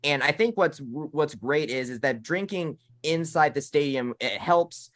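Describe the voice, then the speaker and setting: A man's voice: on the high side, lively intonation, a little slow, fairly bright tone. A man in his early twenties, a college student co-hosting a casual sports podcast and talking in a hesitant way with many restarts. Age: 20s.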